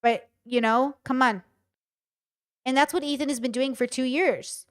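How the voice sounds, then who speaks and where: Smooth-voiced blunt woman streamer. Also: high voice, steady tone, unhurried. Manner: emphatic and blunt, talks straight to chat. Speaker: streamer reacting to a show. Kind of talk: casual live commentary.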